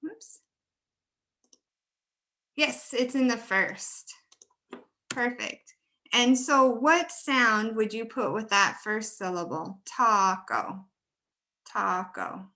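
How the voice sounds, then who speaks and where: Bright-voiced woman teaching pronunciation. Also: on the high side. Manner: slow, careful modeling of words. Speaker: teacher trainer. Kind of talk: webinar teaching.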